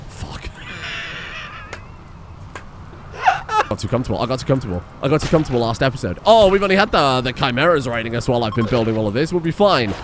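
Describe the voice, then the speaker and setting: A young man commentating his own gameplay, swearing and panicking as he shouts orders at his characters. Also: medium pitch, big pitch swings, very fast, background noise. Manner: swears and panics, swinging from mutters to yelps. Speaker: gaming streamer.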